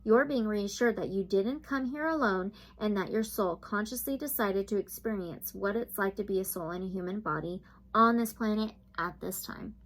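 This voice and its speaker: A woman tarot reader reading oracle card messages aloud in a slow, soothing guided-meditation way, now and then breaking into excited gushing. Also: medium pitch, low-quality recording.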